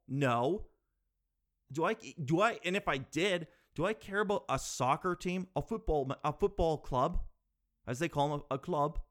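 A man talking in a rambling, animated way, asking himself rhetorical questions and swearing casually. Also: mid-range voice. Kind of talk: casual chat.

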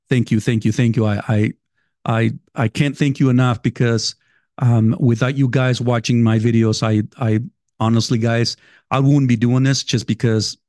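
A man with a foreign accent, talking casually to his viewers as a vlogger, halting and rambling with many restarts. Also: mid-range voice, mellow, no echo, clean studio sound. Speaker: vlogger reading viewer messages. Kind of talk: casual direct-to-camera talk.

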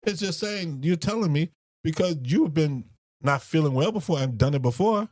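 A man's voice: fairly high pitch, lively intonation, normal speed, a little mellow. A man co-hosting a podcast in casual chat, arguing his point insistently and cutting in often. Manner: insistent, interrupting, argumentative. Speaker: podcast co-host.

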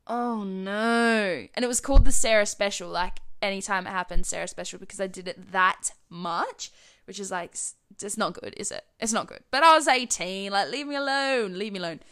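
A woman's voice: medium pitch, animated, fairly quick, fairly bright tone. A young Australian woman chatting to her viewers in a rambling, giggly way, full of "like". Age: young adult. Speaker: vlogger. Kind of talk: casual chat to camera.

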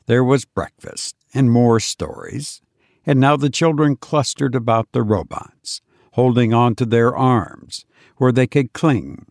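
A man narrating a short story in slow, measured tones as the host of a podcast. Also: mid-range voice, a little mellow, no echo, studio quality.

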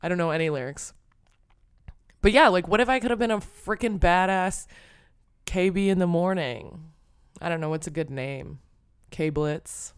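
A woman's voice: on the low side, normal speed, clear, resonant tone, no room sound, studio quality. A young adult woman hosting her own podcast, talking alone in a rambling, self-deprecating way, full of "like" and casual cursing. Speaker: podcast host. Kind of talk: casual solo podcast monologue.

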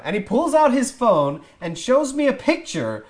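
Man from Texas, film actor, casual chat, laughs often, animated storytelling. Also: high voice, normal speed. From Texas, USA.

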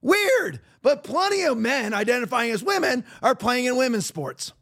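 A man's voice: very high voice, very animated, normal speed, a bit bright. A man hosting a podcast, giving blunt, emphatic and mocking commentary. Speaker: podcast host.

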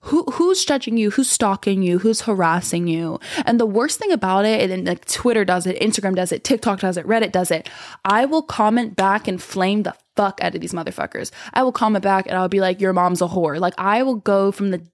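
A woman's voice: mid-range voice, fairly quick, no room sound, studio quality. A young woman hosting a podcast in casual chat, talking bluntly, with lots of swearing and rambling asides. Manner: blunt, profane, rambling and candid. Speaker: podcast host.

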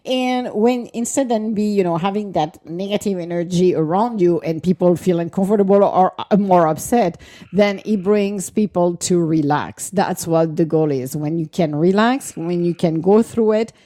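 A woman's voice: lowish voice, moderate pace, mellow. A woman speaking casually and earnestly, laughing often and acting out little quoted exchanges as she gives advice. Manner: earnest advice with repeated emphasis. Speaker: astrology speaker. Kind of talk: casual spoken explanation.

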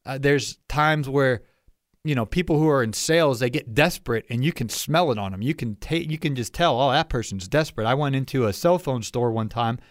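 Earnest, animated motivational talker, man. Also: medium pitch, moderate pace, no echo, clean studio sound. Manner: earnest, animated storytelling with restarts. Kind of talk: motivational solo talk.

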